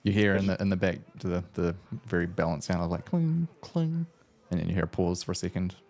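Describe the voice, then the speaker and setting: A man's voice: low-pitched, flat delivery, fast talker, a little mellow. A man narrating a tabletop game as game master, in a casual, rambling way with many fillers.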